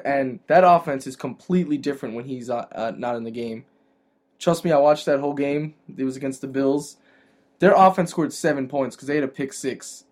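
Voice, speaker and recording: A man's voice: mid-range voice, darkish tone. A man co-hosting a fantasy football podcast, casually making his case with stats. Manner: earnest, stat-citing, argumentative. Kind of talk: casual sports chat.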